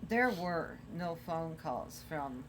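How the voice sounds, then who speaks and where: An older woman, a grandmother, telling the family's story in a casual conversation, halting with many pauses. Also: deep voice, lively intonation, a little hiss or hum, poor audio.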